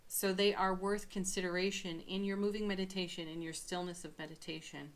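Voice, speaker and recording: A woman giving a daily tarot card reading, gentle and affirming, with frequent soft laughs. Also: on the low side, little pitch movement, brisk.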